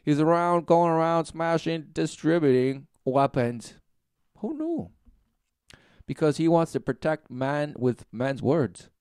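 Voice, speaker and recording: A man's voice: on the high side, steady tone, unhurried, few pauses, darkish tone, clean tone, dry recording, clean studio sound. A man giving sarcastic, rambling commentary, mocking and repeating himself.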